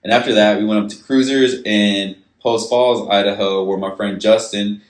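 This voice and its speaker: A man's voice: fairly low pitch, steady tone, moderate pace. A man chatting casually about touring, laid-back and swearing, with many fillers. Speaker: musician and co-host. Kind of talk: casual chat. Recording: echoey room.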